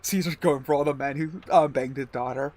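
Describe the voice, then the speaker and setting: A man talks at a brisk clip over voice chat while he plays, his voice a little high for a man. He jokes and rambles through long stories with his friends. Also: a little mellow. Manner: jokey, rambling storyteller. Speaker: gamer chatting while playing. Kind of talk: casual voice chat.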